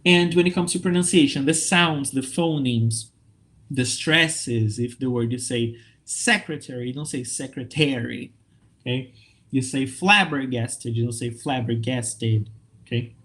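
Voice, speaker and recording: A man from Brazil giving an online talk to English teachers, upbeat and lively, checking in often with his listeners. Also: medium pitch, normal speed. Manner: lively, upbeat, checks in with frequent okay and right.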